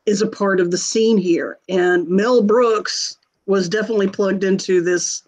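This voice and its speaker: A woman's voice: medium pitch, steady tone, unhurried. A woman hosting a casual chat, teasing her co-host and steering the talk. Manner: warm teasing banter, leads the talk. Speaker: podcast host.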